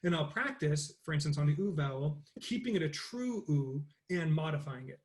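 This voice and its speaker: Man teaching voice, pitched a bit high. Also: expressive, normal speed. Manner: explains in loose bursts, then sings vocal exercises. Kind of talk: interactive online voice lesson.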